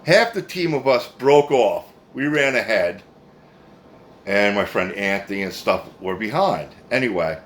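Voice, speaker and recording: A man's voice: lowish voice, animated, measured pace, fairly bright tone. Rambling man telling an old story. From New Jersey, USA. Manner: rambling, profane, frequent "anyway" asides. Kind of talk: casual storytelling. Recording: faint background noise.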